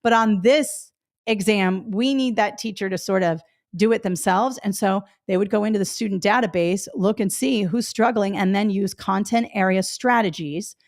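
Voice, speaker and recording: A woman's voice: medium pitch, moderate pace, no echo, clean studio sound. A middle-aged woman teaching a test-prep webinar in a chatty, emphatic way, repeating her key points. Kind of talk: webinar lecture.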